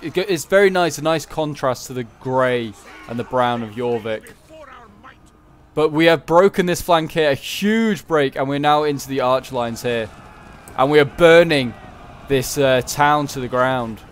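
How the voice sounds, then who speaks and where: A man's voice: mid-range voice, unhurried, slight background noise. Chatty man commenting on gameplay. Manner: chatty, self-correcting, rambling asides. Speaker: gaming video creator.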